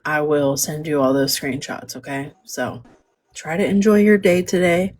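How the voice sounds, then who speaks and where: A woman with a low, husky voice hosts a casual livestream. She talks softly and hesitantly, filling her pauses with ums. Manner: soft-spoken, hesitant with many fillers. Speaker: livestream host.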